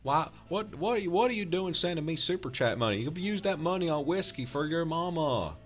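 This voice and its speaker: A man voicing a shrill, folksy Western townsperson who scolds in a squeaky tone. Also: animated, fairly quick, faint music behind, close to an everyday voice. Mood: scolding.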